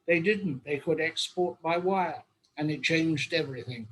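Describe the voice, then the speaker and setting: A man's voice: on the high side, unhurried, low-quality recording. An older man with an English accent hosts an online roundtable, telling long, wry, humorous anecdotes. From England. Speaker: host. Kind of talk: anecdotal storytelling.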